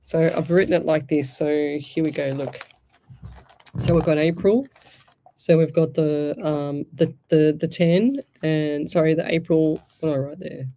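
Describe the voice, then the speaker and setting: A woman's voice: low voice, fairly even intonation, a little slow, dark tone, a little hiss or hum. A middle-aged Australian woman hosting a live psychic radio show, chatting casually, rambling and restarting her sentences, her throat sore. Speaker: psychic medium radio host.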